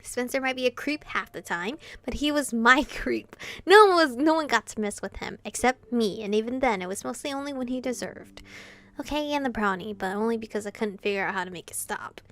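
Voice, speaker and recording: A woman streamer reading a visual novel aloud, animated and reactive, breaking off to comment on the story. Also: fairly high pitch, a little fast. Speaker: gaming streamer.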